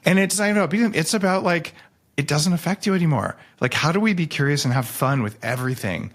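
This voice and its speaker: Man as podcast guest author, animated jokey storyteller, lively pitch jumps. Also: a little fast. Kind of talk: casual podcast conversation.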